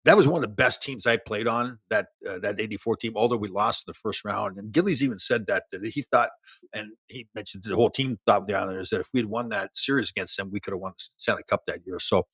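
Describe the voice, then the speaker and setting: A man in his sixties, a former hockey player, telling lively stories as a guest in an interview. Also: fairly low pitch, fast talker, slightly rough, no echo. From Canada. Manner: animated storyteller, laughs, many restarts. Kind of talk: casual storytelling interview.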